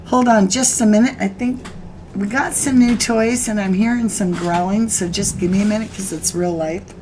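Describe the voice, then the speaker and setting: A woman's voice: mid-range voice, moderate pace, noisy background. A woman hosting a live true crime chat, talking casually and breaking off to scold her dogs. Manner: chatty, scolding her dogs mid-stream, laughing.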